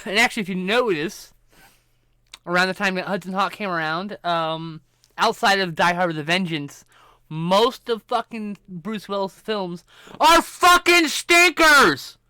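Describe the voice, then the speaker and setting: A man's voice: sits high, a little slow, pushed and bright, clear, resonant tone, no room sound, studio quality. A man streaming live, ranting casually and profanely about movies while working through his film collection. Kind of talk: casual livestream rant.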